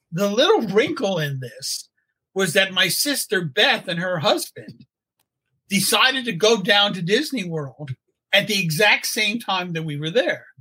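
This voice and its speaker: An older man spins a casual story, bright and a little husky in tone. He acts out quotes and laughs along with his own telling. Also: high-pitched, low-quality recording. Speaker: storyteller guest.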